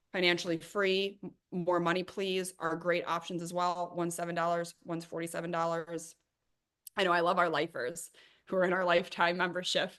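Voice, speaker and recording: A middle-aged woman hosting a live money coaching workshop, answering chat questions with emphatic, energetic talk and calling her viewers "you guys.". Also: lowish voice.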